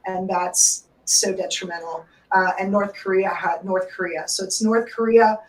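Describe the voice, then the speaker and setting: A woman's voice: medium pitch, fairly even intonation, moderate pace. A woman hosts a live call-in radio show, rambling and emotional, with curses dropped in along the way. Her voice sits back from the microphone, and the room gives it a roomy echo. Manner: emotional, rambling, swears freely. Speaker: psychic radio host. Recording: echoey room, distant mic.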